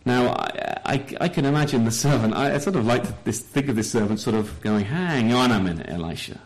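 A man preaching a sermon in a church, telling a Bible story with lively questions to the congregation. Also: medium pitch, fairly quick, poor audio.

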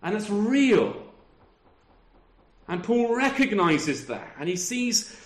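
A middle-aged man gives a sermon in a chatty, conversational way, often tucking a tag question onto the end of a point. His voice sits notably high for a man. The room around him is echoey. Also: very animated, takes it slowly, a little hiss or hum. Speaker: pastor.

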